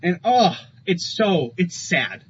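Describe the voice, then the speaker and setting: A man's voice: high-pitched, sing-song, slow pace. A man co-hosting a podcast, chatting casually and enthusiastically about comic books and laughing often. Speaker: podcast co-host. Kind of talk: casual comic book chat. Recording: slightly dull, faint ambient noise.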